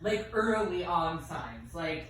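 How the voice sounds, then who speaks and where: A woman's voice: on the low side, very animated, slow, fairly bright tone, slight background noise. A woman in her thirties doing a live stand-up comedy set, chatty and self-deprecating, with lots of fillers and asides. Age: 30s. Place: comedy stage before a laughing audience. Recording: roomy live venue mic with distance and crowd laughter.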